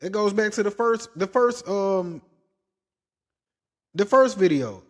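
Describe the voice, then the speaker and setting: Male podcast host, higher pitch, blunt and preachy reactor. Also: expressive, slow pace. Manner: blunt, preachy, rising to exasperated outbursts. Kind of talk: opinionated commentary.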